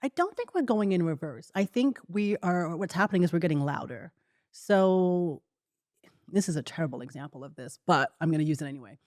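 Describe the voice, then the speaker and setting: A woman's voice: lowish voice, brisk, dry recording, clean studio sound. A woman in her forties, a podcast guest, talking casually and acting out quotes as she tells stories. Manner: animated storyteller, acts out quotes. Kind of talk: casual conversation.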